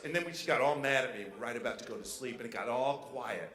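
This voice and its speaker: A male stand-up comedian performing a set in a live venue, animated and breaking into loud mock outrage. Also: mid-range voice, fast. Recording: roomy live venue with faint noise.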